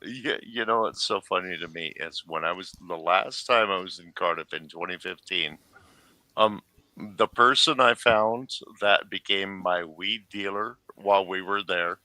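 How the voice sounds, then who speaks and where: Slow, laid-back man. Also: lowish voice, animated, bright, forceful tone, dry recording, poor audio. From Washington State, USA. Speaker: podcast co-host. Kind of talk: casual chat.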